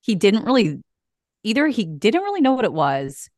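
A woman co-hosting a casual chat over a video call, gushing and bubbly and quick to laugh. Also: medium pitch, huge pitch swings, no echo, clean studio sound. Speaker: co-host.

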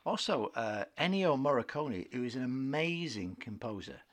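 A man, co-hosting a casual film chat podcast, opinionated and chatty, clearing his throat now and then. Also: medium pitch, big pitch swings, moderate pace. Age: 50s. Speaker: podcast co-host.

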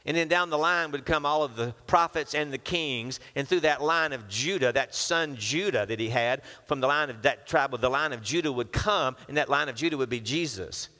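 Animated preacher man in a reverberant hall. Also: mid-range voice, moderate pace, few pauses. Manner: lively, acts out characters with casual modern asides. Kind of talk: sermon with Bible reading.

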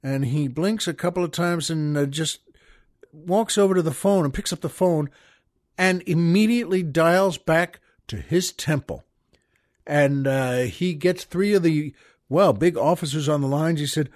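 A man hosting a show, telling a long joke in an unhurried, folksy way and laughing at his own punchlines. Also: on the high side, dry recording, studio quality. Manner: slow, folksy storyteller who chuckles at his own jokes. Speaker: podcast host. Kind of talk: joke telling and poetry reading.

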